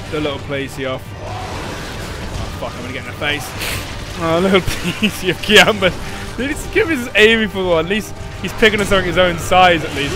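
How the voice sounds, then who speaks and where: A man doing casual gameplay commentary, giggling and laughing through his words. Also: a little high. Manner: giggly, keeps breaking into laughter. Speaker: gameplay video host. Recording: game music behind the voice.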